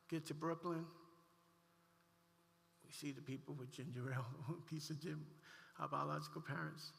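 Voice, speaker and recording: A man preaching a sermon, telling a heartfelt personal story with animated delivery and frequent restarts. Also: fairly high pitch, creaky, slight background noise. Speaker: pastor. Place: church sanctuary. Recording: long church hall reverb.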